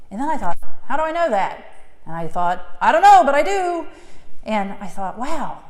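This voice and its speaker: A middle-aged woman telling an audience her near-death experience, animated, quoting her own thoughts and giggling at her own jokes. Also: a little high. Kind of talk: personal talk to an audience. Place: talk in a hall. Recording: echoey hall with long reverb.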